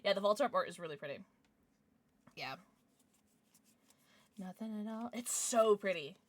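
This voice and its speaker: A woman's voice: mid-range voice, animated, moderate pace. A young adult woman streaming, chatting casually with viewers in a bubbly way, gasping and squealing as she reacts. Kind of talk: casual livestream chat.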